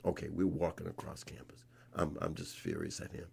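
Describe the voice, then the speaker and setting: A man in his sixties from North Carolina, a guest in a conversation, telling a story in an animated way and re-enacting scenes with rising emphasis. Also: a bass voice, fairly quick, vocal fry, breathy edge. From North Carolina, USA. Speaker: interview guest.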